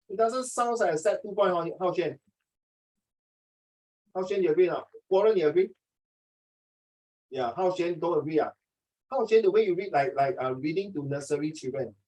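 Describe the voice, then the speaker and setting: A man's voice: high voice, darkish tone, husky, low-quality recording. A man, tutoring a class in a chatty, teasing way and slipping into Mandarin now and then. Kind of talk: online class teaching.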